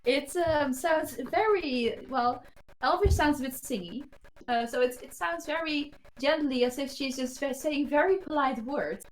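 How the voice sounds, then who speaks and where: A woman's voice: high-pitched, a little slow. A woman narrating as dungeon master in a casual tabletop game, laughing often and hesitating between phrases.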